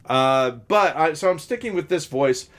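A man co-hosting a casual podcast, his voice set somewhat high on purpose. He talks in loose, rambling sentences full of restarts and small fillers. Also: animated, fairly bright tone. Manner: talks in many restarts and fillers, deliberately pitched-up voice. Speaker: podcast co-host. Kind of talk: casual chat.

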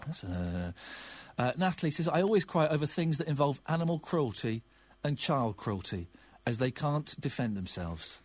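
A man's voice: mid-range voice, sing-song, moderate pace, breathy edge, no echo. A middle-aged English man hosting a casual radio phone-in, chatting and reading listeners' texts with open emotion.

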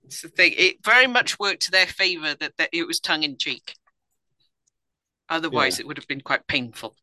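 A woman co-hosting a film podcast, making dry, measured remarks in casual chat. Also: deep voice, lively intonation, pushed and bright, dry recording, poor audio. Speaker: podcast co-host.

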